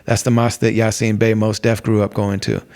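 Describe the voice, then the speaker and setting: A man's voice: lowish voice, level tone, brisk, a little mellow. A middle-aged man hosting a podcast, talking casually about faith and wandering off with lots of fillers and restarts. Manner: rambling, many fillers and restarts. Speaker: podcast host. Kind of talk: casual religious talk.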